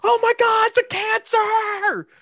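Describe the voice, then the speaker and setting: A man voicing a melodramatic female nurse in a shrill falsetto squeal. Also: level tone, slow, vocal fry, pushed and bright, no room sound, studio quality, exaggerated voice. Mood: shocked. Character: shrieking, melodramatic female faith-healing nurse.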